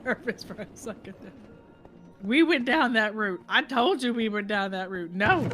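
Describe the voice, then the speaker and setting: A woman's voice: lively intonation, moderate pace, over music, low-quality recording. A middle-aged woman from the United States, chatting casually as a livestream co-host and acting out what people said to her. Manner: chatty storytelling, acts out quoted people with big pitch jumps. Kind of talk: casual chat.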